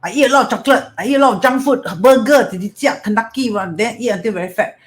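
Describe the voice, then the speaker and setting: A man's voice: extremely high pitch, fast. A man with a Singaporean English accent giving a motivational talk as a metaphysics teacher, repeating phrases and often checking in with "right?" and "correct?".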